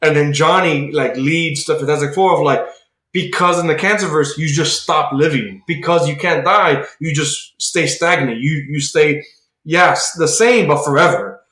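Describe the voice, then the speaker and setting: This co-host's voice is fairly high and sharp, moving at a moderate pace while he enthusiastically retells a comic plot. He rambles casually, saying "like" constantly and restarting sentences, in an echoey room.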